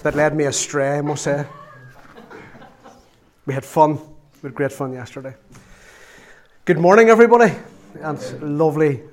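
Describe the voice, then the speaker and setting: A man giving a conversational, self-deprecating sermon in a church, slowing down and getting louder when he reads scripture. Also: fairly high pitch, a little hiss or hum. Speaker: preacher.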